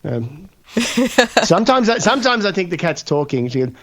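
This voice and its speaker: A man's voice: sits high, big pitch swings, normal speed, fairly bright tone. A man, a voice actor guest on a podcast, chatting playfully with many restarts. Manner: playful, hesitant, full of restarts. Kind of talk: casual podcast chat.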